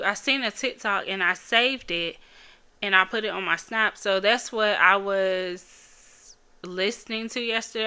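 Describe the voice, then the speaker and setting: A woman's voice: mid-range voice, bright, forceful tone, clear, resonant tone. A woman hosting her own podcast, chatting casually and candidly, rambling a little and laughing often. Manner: emotional, candid storytelling. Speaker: podcast host. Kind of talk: casual solo podcast chat.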